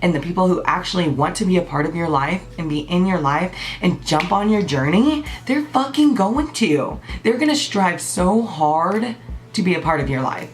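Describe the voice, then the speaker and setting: A woman's voice: on the low side, lively intonation, normal speed. A woman, giving a blunt, passionate, unscripted rant to camera, swearing freely. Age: 20s. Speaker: vlogger.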